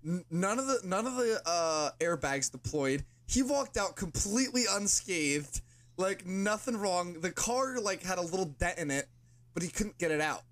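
A man's voice: high voice, animated, moderate pace, a bit bright. A man co-hosting a podcast, telling a rambling story in casual chat. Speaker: podcast co-host.

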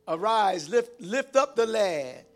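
High-voiced preacher calling to his congregation. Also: big pitch swings, slow pace. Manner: exhorting, calls out to the congregation. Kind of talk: sermon with call and response.

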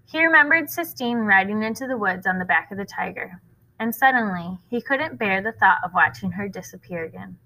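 Bright-voiced woman reading a novel aloud. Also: mid-range voice, poor audio. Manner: expressive, pausing to explain.

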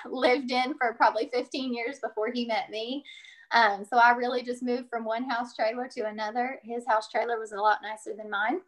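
A middle-aged woman telling a personal story as an interview guest, chatty and earnest, with many fillers. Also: fairly high pitch. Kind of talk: casual storytelling.

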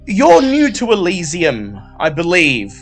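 A man's voice: high-pitched, huge pitch swings, unhurried, gravelly, faint music behind, pitched above the performer's own voice, full character voice. Man putting on a gracious courtly vampire herald lady. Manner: gracious, chatty, sing-song formal hostess. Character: poised gossipy female vampire herald, courtly.

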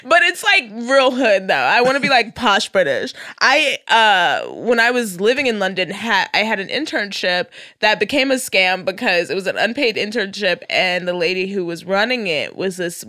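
A young woman hosting a casual comedic podcast chat, animated and jokey. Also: medium pitch, moderate pace, few pauses, dry recording, studio quality. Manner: animated, jokey, puts on voices for quotes. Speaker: podcast host.

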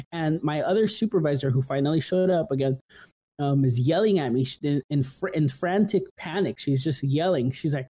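Rambling mellow-voiced young man. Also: fairly high pitch, brisk, breathy edge. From San Fernando Valley, California. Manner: rambling, full of "like" and "um", restarts often. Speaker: podcast host. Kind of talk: casual storytelling.

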